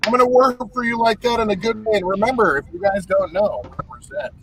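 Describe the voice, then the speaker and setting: High-voiced joking male podcast host. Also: steady tone, fast, slight background noise, poor audio. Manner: joking and rambling, with loud bursts. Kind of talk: casual podcast chat.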